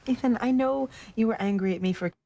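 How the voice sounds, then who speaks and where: An actress in a daytime soap opera playing an anxious young wife, apologetic and pleading. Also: female voice, a little high, a little fast, warm tone, a little hiss or hum, close to an everyday voice.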